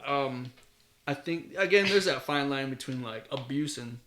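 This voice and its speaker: A man's voice: mid-range voice, lively intonation, normal speed, bright, forceful tone, slight background noise. A young man hosting a podcast, telling crude, joking stories in casual chat. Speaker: podcast host. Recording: echoey room.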